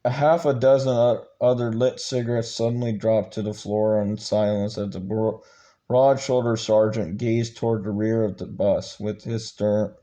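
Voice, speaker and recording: A man's voice: lowish voice, dark tone. A man reading a book aloud, stumbling and restarting words often. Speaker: channel host reading a book.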